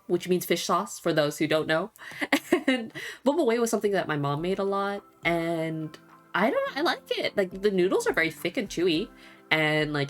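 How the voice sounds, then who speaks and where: Chatty woman answering fan questions. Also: on the low side. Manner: chatty, rambling, quick to laugh. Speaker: VTuber and artist answering viewer questions. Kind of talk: casual Q&A chat. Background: faint background music.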